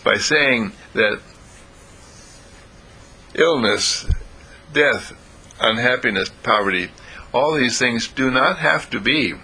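A man giving a spiritual lecture, speaking in halting phrases with long pauses and repeating lines for emphasis. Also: medium pitch, lively intonation, pushed and bright, breathy edge. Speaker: spiritual teacher.

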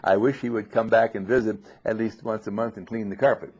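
A man giving an informal spoken teaching in a monastery dining room, often clearing his throat and asking rhetorical questions. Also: lowish voice, fairly even intonation, a little fast, darkish tone. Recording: dull lo-fi recording.

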